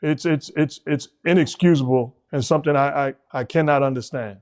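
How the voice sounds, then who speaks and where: This former coach's voice sits on the high side and moves a little fast. Hosting a laid-back basketball talk show, the middle-aged man talks with emphasis and repeats words as he pushes his points.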